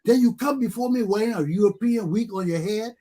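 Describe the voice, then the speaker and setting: A Liberian man hosts a talk show and goes on a heated, angry rant packed with profanity, repetition and rhetorical questions. His voice is high-pitched and warm, and he talks fairly quickly.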